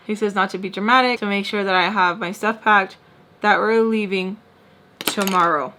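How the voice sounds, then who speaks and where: A woman vlogger telling a story in a casual, animated way, acting out quotes and swearing casually. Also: mid-range voice, moderate pace.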